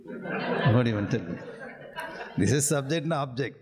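A man with an Indian English accent, a spiritual teacher giving an interactive scripture class. He keeps checking that his listeners follow, chuckles often, and draws out Sanskrit phrases slowly when he recites them. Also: medium pitch, animated, a crowd in the background. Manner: repeats checks like "are you getting it?", chuckles often.

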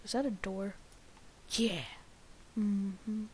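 Excitable Indian woman gaming, muttering. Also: a little high, slow pace, long pauses, slight background noise. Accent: Indian English. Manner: excitable, mutters and whispers to herself between outbursts. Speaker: gamer. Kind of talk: let's-play commentary.

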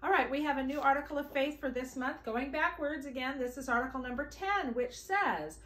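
In an echoey room, a woman whose voice sits high, pushed and bright, talks a little fast. She's the children's singing time leader, coaxing and upbeat as she speaks directly to young kids while teaching them songs and scripture.

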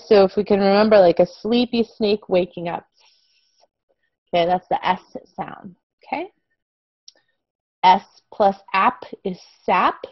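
Slow, clear woman teaching phonics. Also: mid-range voice, no room sound. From United States. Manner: slow, clear, encouraging, repeats letter sounds. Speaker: kindergarten English teacher. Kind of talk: online phonics lesson for young children. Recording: dull, dry lo-fi sound.

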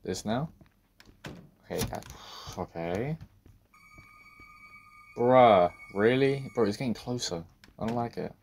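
A man giving a let's-play commentary on a horror game, talking to himself, swearing and breaking into sudden loud outbursts. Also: on the low side, lively intonation, normal speed, gravelly, long pauses, slight background noise. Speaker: gaming video creator.

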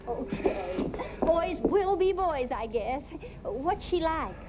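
An actress playing a quick-witted young woman who teases her father in a sarcastic 1950s sitcom style. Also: high-pitched, sing-song, heavy background noise, exaggerated voice. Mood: mocking. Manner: teasing, sarcastic. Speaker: daughter in a sitcom.

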